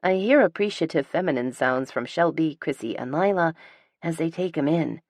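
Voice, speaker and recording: A woman narrating a first-person romance audiobook in a low, dark voice. Her delivery is dry and sardonic, unhurried and measured. The recording is close-miked and completely dry, with no room sound. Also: animated, dry recording.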